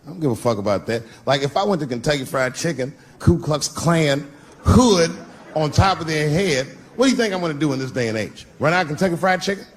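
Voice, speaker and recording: A middle-aged man doing a live stand-up routine, punchy and profane, swinging between loud bursts and low asides. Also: expressive, brisk. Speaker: stand-up comedian. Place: comedy stage before a live crowd. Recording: noisy live stage recording with audience.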